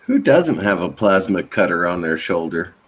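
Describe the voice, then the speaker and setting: A man's voice: deep voice, very animated, normal speed, breathy edge. A man hosting live movie commentary, chatting and laughing often. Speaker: host.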